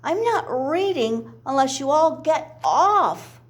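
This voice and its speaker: A fretful little owlet boy, whining about being squashed and treated unfairly, his voice pitched a touch high and swooping all over, played by a woman reading aloud. He drags his complaints out slowly. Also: lively intonation. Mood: protesting. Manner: whiny, complaining. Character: small young male owl, easily upset.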